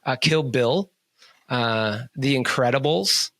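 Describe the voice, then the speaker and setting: A man's voice: mid-range voice, lively intonation, takes it slowly, fairly bright tone, dry recording. Rambling, enthusiastic podcast man. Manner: rambling, enthusiastic, many restarts. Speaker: podcast co-host. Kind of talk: casual chat.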